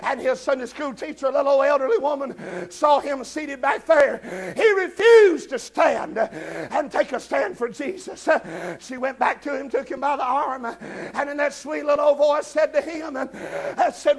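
Guy preaching, shouty and sing-song, lots of uh's, raspy high voice, crowd faintly there. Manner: chanting, drawn-out delivery with frequent "uh"s. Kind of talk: fervent shouted sermon.

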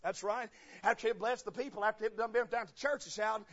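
A male pastor preaches a fervent sermon, dropping to quiet asides and then rising to loud shouts. His voice is high and husky. The recording is dull and lo-fi. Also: steady tone, fast talker.

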